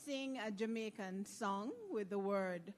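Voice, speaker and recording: A woman's voice: mid-range voice, a little slow. A woman in an event audience reading a prompt, then singing a line while laughing. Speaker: audience member. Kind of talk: singing a song on the spot.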